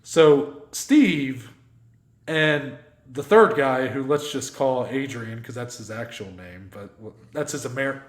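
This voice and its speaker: A podcast co-host, male, spins a long yarn in a loose, lively way, cursing freely and mimicking what others said. His voice sits in the mid range, he takes his time, and the room is reverberant.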